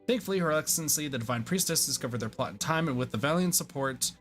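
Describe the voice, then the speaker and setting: A man's voice: fairly high pitch, lively intonation, quick pace, a bit bright, faint music behind. A man reading aloud the lines of an earnest young male resistance general in a game, with formal, courteous phrasing.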